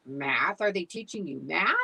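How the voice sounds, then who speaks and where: Figure: woman playing a jokey, easygoing storybook father. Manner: relaxed, teasing. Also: on the low side, measured pace, vocal fry, husky, full character voice, rough recording.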